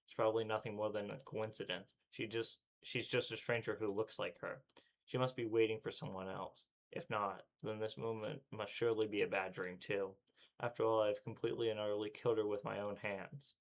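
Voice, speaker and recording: A man's voice: lowish voice, little pitch movement, fairly quick, slight background noise. A male streamer reading a visual novel aloud with dramatic delivery, acting out panting and breathlessness.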